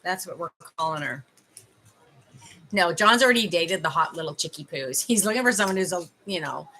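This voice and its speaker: A Canadian woman hosts a casual livestream from her home, talking straight to viewers and laughing often. Her voice is bright and forward. A faint hum of room noise sits behind her, picked up by a phone or webcam mic. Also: mid-range voice. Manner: chatty, laughing, talks to viewers and her dog. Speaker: livestream host.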